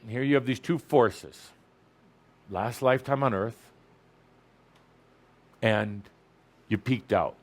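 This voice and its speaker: A man giving a spiritual talk to a live audience, teasing and emphatic, jumping between loud high bursts and low asides. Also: takes it slowly, long pauses. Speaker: spiritual teacher addressing an audience.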